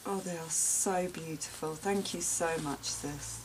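A woman with a low voice talks slowly and warmly gushes over each gift as she unwraps it at home. She gasps and exclaims often in a casual unboxing chat, with a clear hiss of noise behind her voice. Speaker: vlogger opening gifts.

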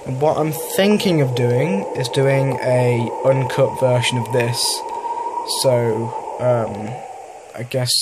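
A very noisy recording captures a young man taking his time as he plays a horror game for his gaming channel, his voice medium in pitch. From his room at home, with family audible downstairs, he rambles, hesitates, and laughs when he gets scared.

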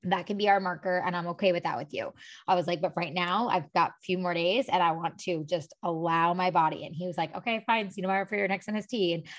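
A woman with a lowish voice talks fast as she hosts a podcast, telling a personal story. It's rambling, casual chat, packed with filler like "like" and "you know."

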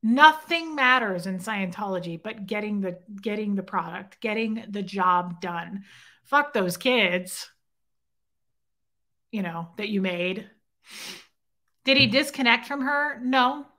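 Speaking slowly with long pauses in a mid-range voice, a young adult host recounts a personal encounter on her show. She performs both sides of the conversation as quoted dialogue and tosses side remarks to chat, keeping it animated and casual.

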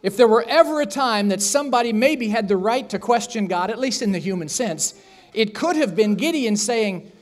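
A man's voice: high-pitched, lively intonation, normal speed. A man preaching a sermon in a church, telling a story with acted-out voices and asking the congregation questions. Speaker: pastor. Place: church sanctuary.

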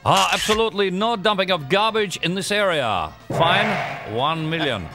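A man's voice: high-pitched, expressive, normal speed, over loud music. A man reading out prize announcements in an upbeat, punchy, salesy style.

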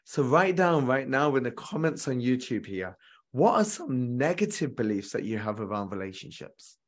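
A man's voice: mid-range voice, sing-song, normal speed. Male relationship coach, mid-range voice, earnest motivational delivery, repeats lines for emphasis. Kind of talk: motivational coaching talk to viewers.

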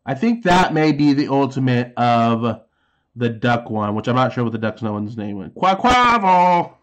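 A man's voice: mid-range voice, steady tone, moderate pace, muffled recording. A man in his thirties casually chatting while opening trading card packs, reading card names aloud and making sound effects. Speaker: card unboxing host.

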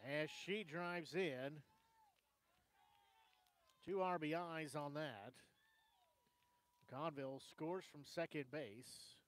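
Slightly high-pitched male softball announcer. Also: rough recording. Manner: brisk conversational calling. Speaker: play-by-play announcer. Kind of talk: softball play-by-play commentary.

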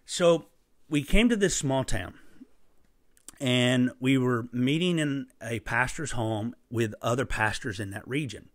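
A man preaching a sermon through a personal story, impassioned and emphatic, with sudden loud bursts. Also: mid-range voice, measured pace, no room sound, studio quality.

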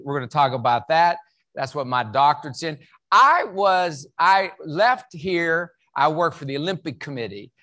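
His voice sits on the high side and sounds fairly bright as he gives a joke-filled motivational keynote at an event hall. He's from West Virginia, speaks with a Southern American accent, and has a folksy storytelling manner.

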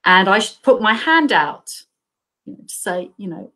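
Animated woman author telling a story. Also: medium pitch, normal speed. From Australia. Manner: animated storytelling, laughing often; acts out quoted voices. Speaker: crime thriller author. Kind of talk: live video chat interview. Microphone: video call.

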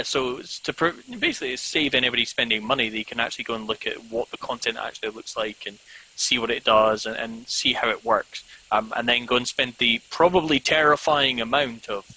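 Speaking fairly quickly in a steady, medium-pitched voice that's bright and forceful, this podcast guest rambles through a casual video call, full of ums and jokes at his own expense. The recording quality is low.

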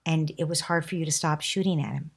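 A woman being interviewed on a podcast as a parenting expert, calmly explaining and acting out what a parent and child might say. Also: low voice, fast talker, vocal fry, breathy edge. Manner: acts out parent and child lines, calm and explanatory.

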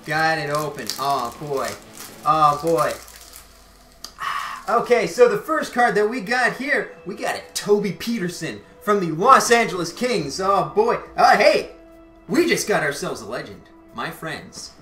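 A woman from Canada, hosting her channel and excitedly commentating a card pack opening, often repeating her exclamations. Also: fairly low pitch, unhurried. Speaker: channel host. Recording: roomy echo, faint music behind.

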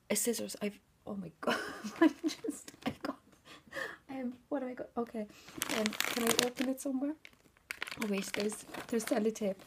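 A woman opening craft gifts on camera, gushing and overwhelmed, slipping between hushed whispers and excited exclamations. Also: medium pitch, vocal fry, a little hiss or hum. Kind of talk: unboxing chat, often whispering. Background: crinkling paper and packaging.

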